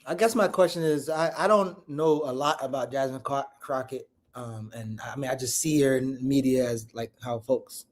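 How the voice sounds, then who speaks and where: A man panelist on a political talk show, asking questions haltingly with many restarts and speaking in informal slang. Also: mid-range voice.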